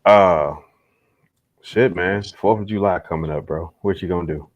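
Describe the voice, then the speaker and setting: Deep-voiced laid-back male host. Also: normal speed, lo-fi sound. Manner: laid-back, swears freely, laughs often. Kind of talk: casual livestream chat.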